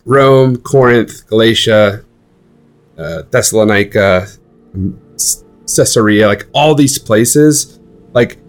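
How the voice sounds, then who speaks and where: A young man in casual conversation, telling animated stories with many fillers and restarts. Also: fairly low pitch, slow pace, faint music behind. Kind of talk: casual chat.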